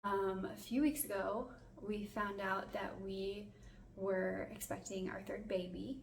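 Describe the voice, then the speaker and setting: A woman's voice: mid-range voice, steady tone, measured pace, vocal fry, slight background noise. Young woman vlogging from an echoey bathroom. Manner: soft-spoken, hesitant, many fillers, holding back tears. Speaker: family vlogger. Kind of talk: casual vlog to camera. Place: home bathroom. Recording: echoey bathroom, mic at a distance.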